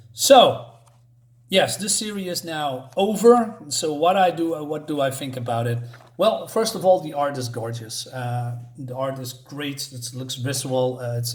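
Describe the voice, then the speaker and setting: A man giving a casual spoken review of a comic book, halting, with many restarts and fillers. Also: mid-range voice.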